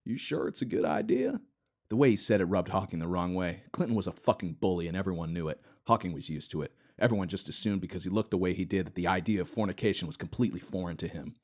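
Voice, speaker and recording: A man with a low, deep voice reads a satirical short story aloud in a flat, deadpan way. He co-hosts a comedy podcast and keeps a straight face through the text. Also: quick pace, few pauses. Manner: deadpan reading, breaking into laughter. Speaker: podcast co-host. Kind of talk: reading satirical fiction aloud.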